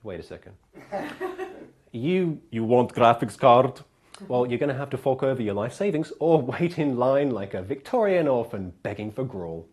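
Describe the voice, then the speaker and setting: A man's voice: medium pitch, very animated, fairly quick, dark tone. A man hosting a comedy club, delivering a stand-up monologue and laughing at his own jokes.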